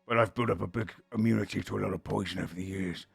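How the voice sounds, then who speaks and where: A man voicing a hulking male arena warrior who speaks in short, clipped, quiet sentences. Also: steady tone, rapid-fire, creaky, slightly rough, no room sound, full character voice. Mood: gruff. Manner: terse, clipped, quiet and low.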